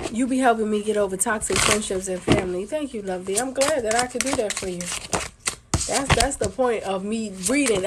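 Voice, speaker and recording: A woman's voice: mid-range voice, heavy background noise. A woman doing a casual live stream card reading for viewers, with a sore throat and a held-back cough. She talks bluntly with lots of swearing and repeats her points for emphasis.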